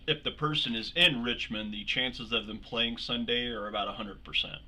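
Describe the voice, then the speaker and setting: A man's voice: medium pitch, normal speed. A man co-hosting an online poker stream, talking casually and laughing often. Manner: relaxed, chatty, laughs often. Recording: noisy stream audio.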